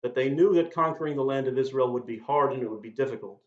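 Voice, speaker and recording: A man delivering a sermon at an ordinary pitch, carefully unpacking Hebrew words and quoting verses. The recording is slightly muffled, with a roomy echo around his voice. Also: fast talker. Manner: explanatory, quotes and translates Hebrew verses.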